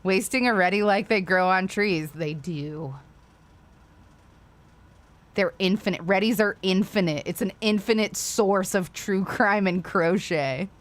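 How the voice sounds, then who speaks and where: A woman's voice: medium pitch, unhurried. A woman hosting a casual livestream and chatting to viewers, ranting with frequent swearing and apologetic asides. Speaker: livestream host.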